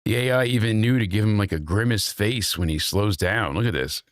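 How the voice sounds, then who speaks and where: Excitable man with a low voice. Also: a little fast, dry recording, studio quality. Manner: excitable, swears loudly, jumps high in pitch when worked up. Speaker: podcast host. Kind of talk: casual chat while watching clips.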